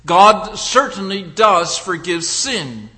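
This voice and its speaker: A man preaching a sermon, building his points through deliberate rhetorical questions. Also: high-pitched, expressive, pushed and bright, in a large hall.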